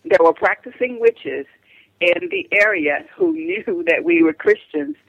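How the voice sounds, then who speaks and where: An older woman speaks as a phone-in guest, earnest and halting, often breaking off to restart a sentence. The line sounds dull and narrow, with a flat, dry quality and no room around her. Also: on the low side, vocal fry, no echo. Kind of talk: phone-in radio interview. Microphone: telephone.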